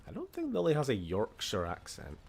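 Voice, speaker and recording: A man's voice: lowish voice, huge pitch swings, fairly quick, gravelly, slight background noise. A man with a Scottish accent chatting casually and swearing while streaming a game. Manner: chatty, swears, laughs often, shifts tone a lot. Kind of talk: casual gameplay commentary.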